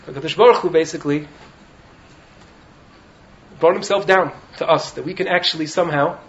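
Animated man teaching, slightly high voice. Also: brisk, dull audio. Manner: animated, keeps checking in with "right?". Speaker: rabbi teaching in a yeshiva. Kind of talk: Torah talk. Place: study hall.

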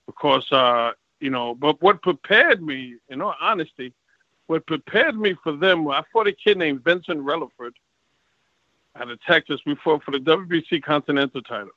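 A man's voice: on the high side, moderate pace, dry recording, muffled recording. A man, a former professional boxer, telling stories from his career in a casual interview and acting out the exchanges he quotes. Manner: animated, acts out quoted exchanges. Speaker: retired boxer, guest.

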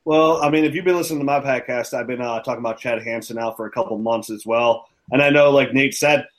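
A man's voice: mid-range voice, fast. Man, podcast guest, mid-range voice, joking, laid-back. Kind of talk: casual podcast chat.

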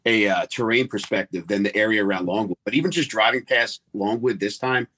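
A man's voice: on the low side, fairly quick, bright, forceful tone, husky. A man, a comedian guest rambling through a story in casual chat with lots of fillers.

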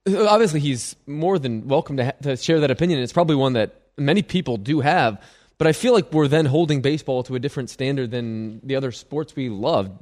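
A man's voice: mid-range voice, fairly quick, a little mellow. A man co-hosting a sports radio show in a studio, teasing and needling his partner in casual banter. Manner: teasing, needling, laughs often. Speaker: radio co-host.

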